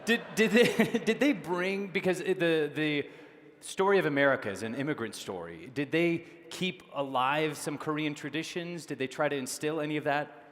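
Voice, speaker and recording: A man's voice: a little high, normal speed, fairly bright tone, big-room sound. Upbeat man interviewing on stage. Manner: encouraging, laughs easily. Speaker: interviewer at a conference.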